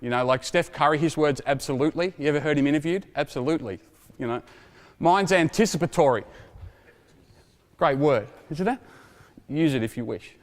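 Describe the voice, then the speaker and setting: Energetic man coaching on a court. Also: fairly high pitch, fairly quick, long pauses. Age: 40s. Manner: energetic, joking, calls out drill instructions. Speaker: basketball coach. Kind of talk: coaching clinic demonstration. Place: indoor basketball court. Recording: reverberant gym hall. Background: basketballs bouncing.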